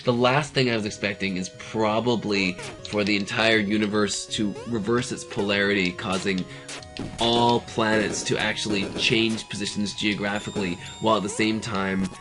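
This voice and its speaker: A man's voice: fairly low pitch, fairly even intonation, moderate pace, music in the background. A man rambling and joking through casual banter while his friend plays a video game. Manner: rambling, joking, laughs a lot. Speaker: co-host of a gaming show.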